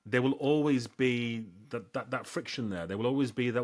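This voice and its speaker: A man co-hosting a casual chat, speaking emphatically and getting animated as he makes his point. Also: medium pitch, moderate pace. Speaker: co-host.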